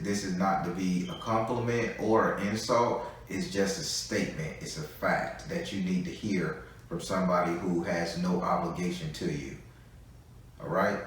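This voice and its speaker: In an echoey room, with his voice coming from a distance, a man does a live tarot reading. He's low-pitched, blunt and talkative, and he swears plenty. A little hiss or hum is audible.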